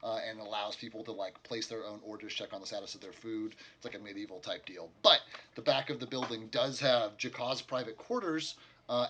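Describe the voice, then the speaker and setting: A male game master narrating a homebrew tabletop adventure in a loose, rambling way, full of fillers. His voice is bright and forceful at a middle pitch. A faint noise sits under the recording.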